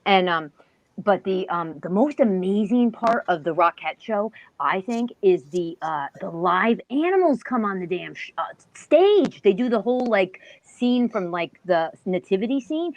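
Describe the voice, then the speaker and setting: A woman from near New York hosting a live online chat, talking in an animated, supportive way and often rambling into her own stories. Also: mid-range voice, a little slow, no echo. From near New York, United States. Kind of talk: casual chat.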